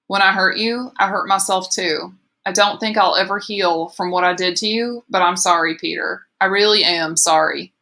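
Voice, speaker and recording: A woman reading the part of a remorseful teenage boy who speaks gently and earnestly in an audiobook. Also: mid-range voice. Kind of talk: audiobook character voice.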